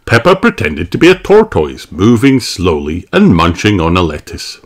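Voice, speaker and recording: Guy reading a kids' book out loud, slow, lowish, voice swings up and down a lot. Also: sing-song, a little hiss or hum. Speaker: storybook reader. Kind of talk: children's book read aloud.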